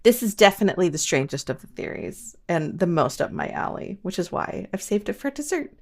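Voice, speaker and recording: A woman's voice: on the low side, sing-song, a little fast, darkish tone. A woman hosting a paranormal podcast, chatting casually and making self-mocking asides to listeners. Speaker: podcast host. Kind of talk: casual podcast chat and reading news quotes.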